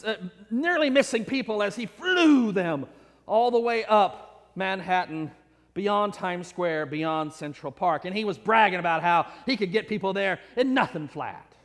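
A man's voice: high-pitched, a bit bright, long reverb tail. A man preaching a sermon, telling jokes and stories with an emphatic, repetitive cadence. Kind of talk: sermon with humorous storytelling.

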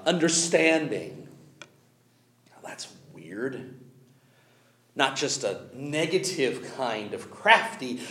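A male preacher giving a sermon in an animated way, chuckling often and pausing with emphasis. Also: medium pitch, reverberant.

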